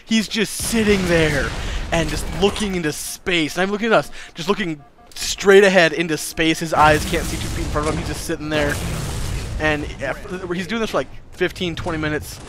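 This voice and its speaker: A young man vlogging, telling a casual story to camera with animated delivery, acting out other people's voices and swearing freely. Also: on the high side, moderate pace, over music.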